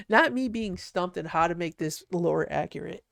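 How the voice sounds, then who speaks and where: A host rambles through a design session in a relaxed, gravelly voice, often cutting off mid-thought and laughing. The voice sits close to a desk mic in a dry room with no echo. Their pitch is middling. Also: a little slow. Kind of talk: casual commentary while designing.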